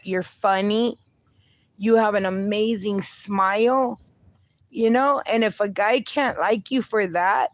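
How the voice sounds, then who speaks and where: Young woman streamer reading chat, slow easygoing talk, hypes people up, dry close sound. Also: mid-range voice, no room sound. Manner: upbeat, encouraging, laughs often, mild swearing. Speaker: livestream host. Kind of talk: casual livestream chat, reading viewer comments.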